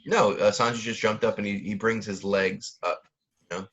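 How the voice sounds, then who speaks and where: A man's voice: fairly low pitch, steady tone, moderate pace, fairly bright tone, breathy edge, dull audio. A man co-hosting a casual chat, rambling with lots of fillers and frequent laughs. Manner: rambling, many fillers, laughs often, mimics sound effects. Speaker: podcast co-host.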